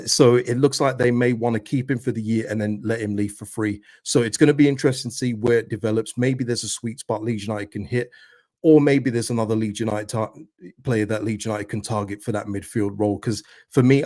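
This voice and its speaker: A man's voice: on the low side, darkish tone, dry recording, studio quality. A man hosting a casual football chat stream, talking straight to his viewers. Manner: chatty, talks straight to viewers. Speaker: football channel host.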